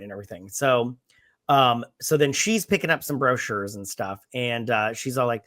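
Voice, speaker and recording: A man co-hosting a casual movie review podcast, animated, acting out characters' lines and swearing freely. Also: mid-range voice, brisk, dry recording, studio quality. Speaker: podcast co-host.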